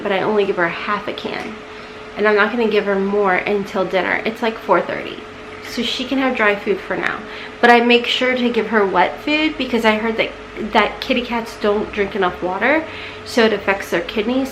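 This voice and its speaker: Distractible woman in her thirties, casual beauty-vlog chatter, a touch high-pitched. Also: noisy background. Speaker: beauty vlogger. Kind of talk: casual unboxing chat.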